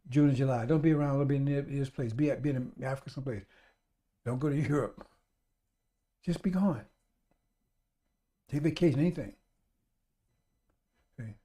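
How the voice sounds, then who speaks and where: A fervent male radio preacher with a mellow, darker tone that sits a little higher than most men's. He repeats his points over and over and keeps calling out to his brothers and sisters, pushing toward loud exhortation. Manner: addresses listeners as brothers and sisters. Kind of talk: streetwise radio sermon.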